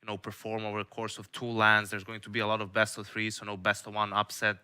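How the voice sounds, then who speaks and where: Male analyst, measured delivery, crisp and very bright tone. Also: fairly low pitch, monotone. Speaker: esports analyst. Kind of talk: studio analysis chat.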